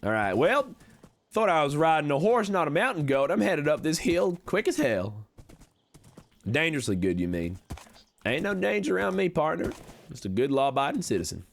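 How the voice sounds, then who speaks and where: A man's voice: a little high, big pitch swings, moderate pace, vocal fry. A man playing a slick cowboy conman in a game roleplay stream, speaking in a put-on American Western drawl with folksy, wheedling salesman patter. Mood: scheming. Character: slick smooth-talking cowboy conman, adult male.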